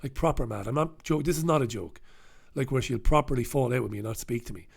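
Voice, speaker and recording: A man from the UK hosts a comic look through the papers on his own. His voice sits at an everyday middle pitch, and he rambles, swears freely and breaks into bits of song. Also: quick pace, creaky, slightly rough. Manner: swearing, rambling, sings snatches of songs. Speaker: host. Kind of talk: comic newspaper review monologue.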